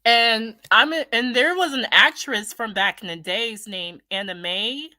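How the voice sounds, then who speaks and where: A woman's voice: a little high, unhurried, bright, forceful tone, no room sound. Blunt, indignant woman commentator. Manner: reads viewer comments aloud. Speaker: commentary host. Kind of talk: casual opinion commentary.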